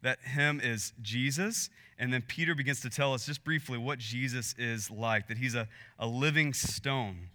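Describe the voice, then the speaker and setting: A man's voice: mid-range voice, normal speed, few pauses, sharp tone, long reverb tail. A man preaching a sermon as pastor, telling a story in an earnest way that builds in intensity.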